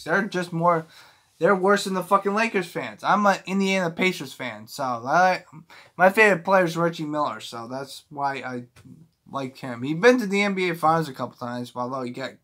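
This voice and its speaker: A man with a somewhat high-pitched voice delivers a heated, profane rant straight to the camera. He sounds agitated and keeps circling back, repeating and restarting phrases as he pushes his point. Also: a bit bright. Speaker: sports fan vlogger.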